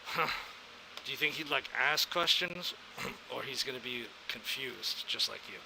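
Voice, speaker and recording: A man's voice: medium pitch, unhurried, gravelly, background noise. A man in casual in-character role-play as a veteran contact, easygoing and fatherly.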